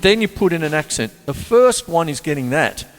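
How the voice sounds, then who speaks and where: An older man hosting a casual drum lesson, chatty and singing rhythms out loud as he plays. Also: a little high, big pitch swings, moderate pace, over loud music. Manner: chatty, sings rhythms aloud. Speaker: drum teacher and show host. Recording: reverberant room with drums.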